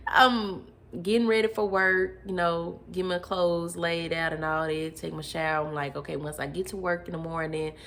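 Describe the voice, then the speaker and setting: A woman's voice: fairly low pitch, unhurried. A young woman casually telling a personal testimony, addressing listeners as y'all and acting out what she and others said. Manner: animated, addresses listeners as y'all, acts out her own quotes. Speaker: storyteller sharing personal testimony. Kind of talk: casual personal storytelling to viewers.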